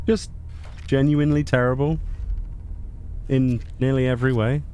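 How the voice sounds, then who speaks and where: A man's voice: mid-range voice, darkish tone, a little hiss or hum. A man streaming a game, making casual, sarcastic jokes over the action. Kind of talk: casual gameplay commentary.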